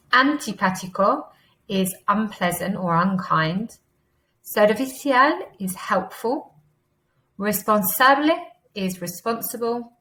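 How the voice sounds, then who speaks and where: An English woman teaching a beginner Spanish lesson, encouraging and slowing down to model each word twice for pupils to repeat. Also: medium pitch, fairly bright tone. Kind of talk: recorded online language lesson.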